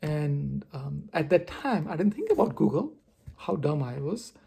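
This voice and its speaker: Gravelly man telling a story. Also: on the high side, a little slow. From India. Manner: expressive, self-mocking storyteller. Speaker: vlogger. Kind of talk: storytelling vlog.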